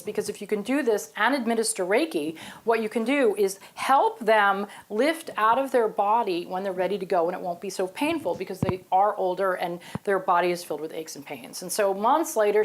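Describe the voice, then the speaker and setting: A woman, a psychic guest, telling stories in a lively, chatty way. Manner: animated, storytelling, exclaims in high bursts. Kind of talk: casual interview talk.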